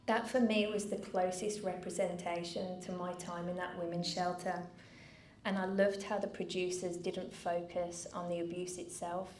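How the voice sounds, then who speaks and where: A middle-aged woman giving a personal speech from a stage, earnest and measured with dry asides. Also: fairly low pitch, little pitch movement, darkish tone. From United Kingdom. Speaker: founder giving a keynote speech. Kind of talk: personal story told from a stage. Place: event venue with a live audience. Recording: roomy venue, faint background noise.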